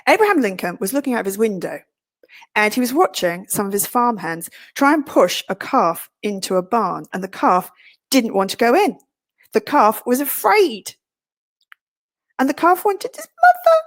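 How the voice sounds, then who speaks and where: A middle-aged woman from England giving a webinar talk, theatrical and self-mocking, with big swings in pitch. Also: very animated, brisk, dry recording. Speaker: webinar speaker. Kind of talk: lively presentation.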